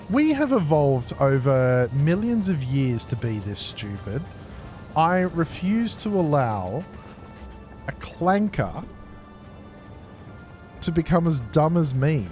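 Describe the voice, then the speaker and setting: Lively, jokey male game streamer. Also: fairly high pitch, a little slow, faint music behind. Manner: jokey, chatty, responds to chat aloud. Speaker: streamer playing a factory-building game. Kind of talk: casual live-stream chat.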